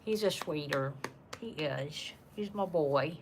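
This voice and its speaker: A woman's voice: low voice, slow, background noise. Chatty woman on a home livestream. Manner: chatty, laughs often, talks to her dogs. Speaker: channel host reading live chat. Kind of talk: casual live-stream chat.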